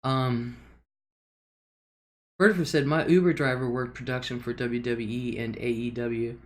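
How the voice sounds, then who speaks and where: A woman's voice: a bass voice, steady tone, unhurried. A woman hosting a casual livestream, chatting loosely, reading viewer comments aloud and laughing often. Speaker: livestream host.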